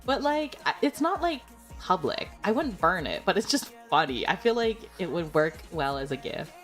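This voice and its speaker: A woman's voice: lowish voice, very animated, moderate pace, a bit bright, soft background music. A woman streamer chatting casually with viewers, giggling often and filling her talk with "like" and "you know.". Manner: chatty and giggly, full of filler words. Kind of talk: casual chat.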